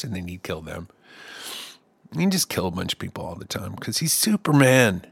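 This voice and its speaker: A man's voice: lowish voice, big pitch swings, fairly quick, creaky, slightly rough. A middle-aged man hosting his own music podcast, talking in a loose, comic, rambling way. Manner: loose, comic, with playful put-on voices. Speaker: podcast host and songwriter. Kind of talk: casual rambling monologue.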